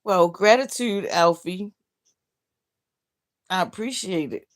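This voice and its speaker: Hosting a livestream, a middle-aged woman speaks slowly in a mid-range voice. She sounds heartbroken and downcast, reading out comments bluntly with swearing and laughs.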